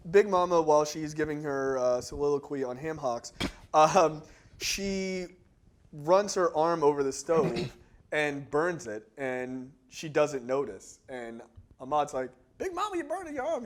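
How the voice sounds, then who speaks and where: A man co-hosting a casual movie-review podcast, rambling through tangents, laughing often and acting out other people's lines. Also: on the high side. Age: adult. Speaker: podcast co-host.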